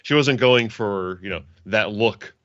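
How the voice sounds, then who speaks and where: Wry, bright-voiced podcast guest man. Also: on the low side, a little slow, no room sound, muffled recording. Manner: wry, self-mocking humor. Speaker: guest comics writer. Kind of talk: casual podcast chat.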